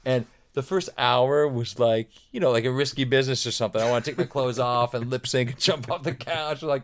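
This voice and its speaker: A man's voice: mid-range voice, steady tone, fairly quick, few pauses. A middle-aged man talking casually as a podcast guest, rambling with many restarts and fillers. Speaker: guest drummer.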